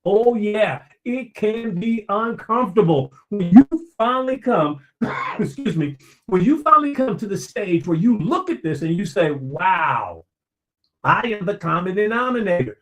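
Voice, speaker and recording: Guy with a high voice doing a motivational talk, preachy, repeats lines to hammer them home. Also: lively intonation, moderate pace. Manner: preacherly, repeats phrases for emphasis; addresses listeners directly, conversational asides. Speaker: motivational speaker.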